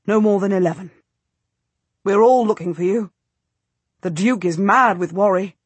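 A woman voicing an earnest, devoted young male knight in an audiobook, with a hushed, respectful urgency. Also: mid-range voice, normal speed, husky, no echo, close to an everyday voice. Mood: reassuring.

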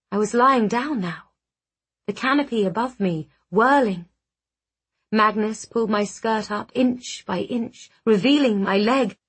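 A woman reading a first-person romance novel aloud, with soft, intimate narration and acted dialogue. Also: medium pitch, slightly rough. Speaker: audiobook narrator.

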